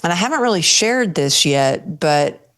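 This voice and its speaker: Low-voiced woman telling her story. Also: expressive, unhurried, fairly bright tone. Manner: earnest storytelling, acting out her own thoughts. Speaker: guest. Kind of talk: personal story in a podcast interview.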